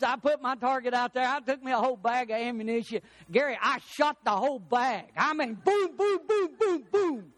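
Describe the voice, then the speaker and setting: A middle-aged man preaching a folksy sermon, swinging between loud emphasis and hushed, prayerful passages. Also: extremely high pitch. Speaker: pastor.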